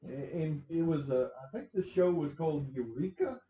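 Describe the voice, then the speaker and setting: An easygoing man co-hosting a podcast, his voice a bit high yet warm and mellow. He asks questions and restarts his sentences. The room is echoey, with faint noise, and the sound is dull. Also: sing-song, moderate pace. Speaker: podcast co-host. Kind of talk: casual podcast chat.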